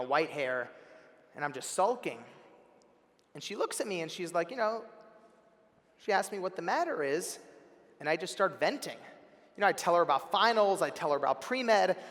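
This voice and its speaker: A young man in his twenties tells a story from a big stage in a fairly high voice, lively and full of acted-out moments. Now and then he breaks into a shout. His voice rings with the long reverb of a large hall. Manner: animated, acts out the people in his story, bursts of shouting. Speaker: keynote speaker. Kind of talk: storytelling keynote speech. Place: large convention center hall.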